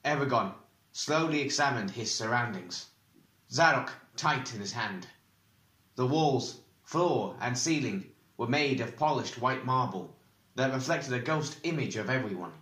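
A man narrating a fantasy audiobook chapter in a measured, even reading. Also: medium pitch, echoey room.

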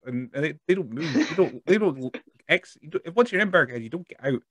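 A man's voice: a little high, lively intonation, a little fast, fairly bright tone, dry recording. A Scottish man hosting a podcast interview, chatting casually and rambling with laughs. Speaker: podcast host.

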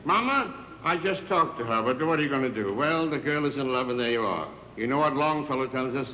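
An older comedian doing a stand-up telephone monologue with dry wisecracks and one-sided phone chatter on a large theater stage. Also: male voice, medium pitch, expressive, a little fast, sharp tone. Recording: echoey theater, dull 1960s TV sound with hiss.

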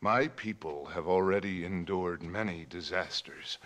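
A grave, slow-spoken tribal elder from a video game. He talks in a very low voice and takes his time over every word. His manner is solemn and measured. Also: a bit bright.

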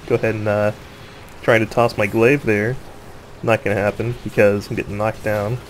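A man casually commenting on his own gameplay, laughing often, joking and excitable, with faint noise behind him. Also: fairly low pitch, moderate pace.

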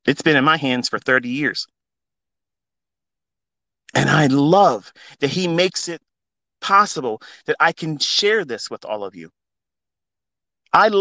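A man's voice: sits high, sharp tone, no room sound. A middle-aged man talking into a phone as a trading mentor, in a passionate, preachy monologue with blunt swearing. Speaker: trading mentor hosting a live audio space. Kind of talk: unscripted heartfelt monologue.

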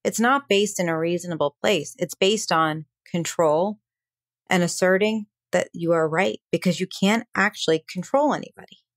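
A woman with a slightly low voice speaks candidly and earnestly on a podcast, as a coach sharing her own experience. She fills her talk with casual fillers, and she slows down to stress the points that matter to her. The sound is dry and close, with no room around it. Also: dry recording. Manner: earnest and candid, with frequent "like" fillers and occasional swearing. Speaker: podcast host and emotional abuse coach.

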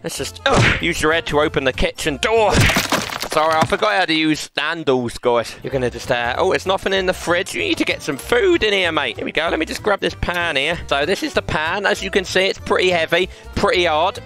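A young man giving rowdy, joking gameplay commentary, shouting and laughing a lot. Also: a little high, lively intonation, a little fast, over music. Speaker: gaming YouTuber.

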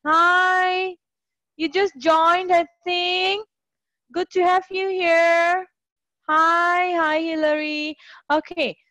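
A woman teaches a live online English class, cheering her students on and greeting each one by name. Her voice sits high and her pace is unhurried. The sound is dry and close, with no room echo. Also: fairly bright tone.

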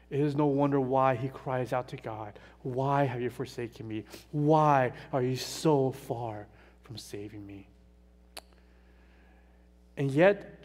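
A man preaching a sermon in a church, earnest and emphatic, slowing down and falling soft on painful words. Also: medium pitch. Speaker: pastor. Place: church sanctuary. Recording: long hall reverb.

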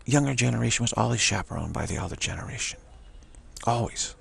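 A man's voice: medium pitch, expressive, fast talker, a bit bright. A man giving an informal religious sermon as a spiritual teacher, rambling and repeating himself, with emphatic declarations. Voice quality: gravelly, husky voice. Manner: rambling, repetitive, with many restarts and emphatic declarations.

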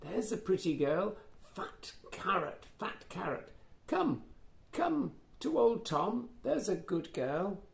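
A man voicing a gentle old male farmer who croons softly and coaxingly. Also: high-pitched, lively intonation, takes it slowly, creaky, few pauses, full character voice. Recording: echoey room.

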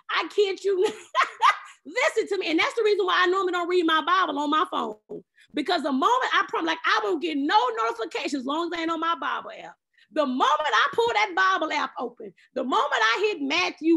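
A woman, giving a casual devotional talk on a video call, lively and preachy, often laughing and acting out her own thoughts. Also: sits high, creaky. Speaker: speaker at an online faith round table.

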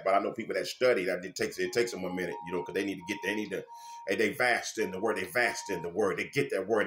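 A man, a minister, preaching an informal sermon with fervent, repetitive phrasing and sudden loud bursts. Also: low-pitched, roomy sound.

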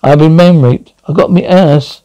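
A man's voice: a little high, moderate pace, dark tone, close to an everyday voice, rough recording. An actor playing a crude, blunt Glaswegian man in his fifties in a TV sitcom, talking in a coarse, brash way. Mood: grumbling. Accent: Glaswegian Scottish. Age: 50s. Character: crude, blunt middle-aged Glasgow man. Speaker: sitcom lead. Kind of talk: scripted TV sitcom acting.

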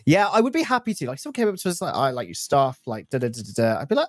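A man's voice: medium pitch, fast talker, no echo, studio quality. A man co-hosting a modded game let's play, chatting casually and laughing often. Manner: animated, laughing often, playful. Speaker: co-host of a gaming channel. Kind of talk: casual gameplay chat.

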